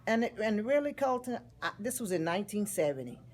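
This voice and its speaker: A woman, telling a personal story in an interview in a heartfelt, expressive way. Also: mid-range voice, brisk. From Texas. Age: 50s.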